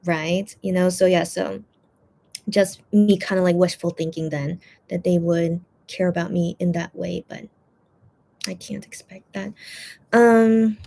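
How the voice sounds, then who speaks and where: A livestream host reading chat talks in a low-ish, gravelly, dark-toned voice with fairly even intonation. She drifts along casually, full of "like" and "you know," emotionally confiding in her viewers and quick to apologise.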